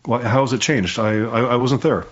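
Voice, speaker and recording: A man's voice: medium pitch, fairly even intonation, moderate pace. Chatty American man on a dull call. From United States. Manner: joking, chatty, playful aside impressions. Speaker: guest. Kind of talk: casual conversation.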